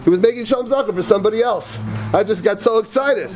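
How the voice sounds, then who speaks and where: High-voiced rabbi lecturing emphatically. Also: male voice, fast talker, darkish tone, soft background music. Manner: emphatic, repeats phrases, tells personal anecdotes; mixes Hebrew and Yiddish terms into English. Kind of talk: lecture to yeshiva students.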